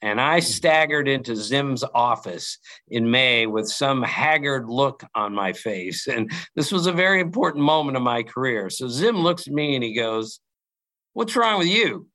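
A middle-aged man telling lively anecdotes in an interview, acting out quotes from others. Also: mid-range voice, normal speed. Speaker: interview guest, baseball writer. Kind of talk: storytelling in an interview.

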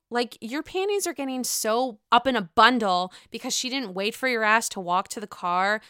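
Young woman, reality TV recapper, sassy and profane, bright forceful voice, dry close sound. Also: smooth, no echo. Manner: gossipy, sassy, swears freely, acts out quotes with big pitch jumps. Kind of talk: casual recap commentary.

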